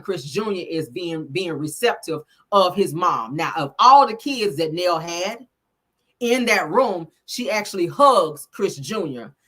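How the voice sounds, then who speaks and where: A woman talks through a show episode in a casual live recap, stopping often to check in with the people watching. Her voice sits a little low but comes across bright and forceful. She tells it like a story to friends. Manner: chatty storytelling, checks in with listeners.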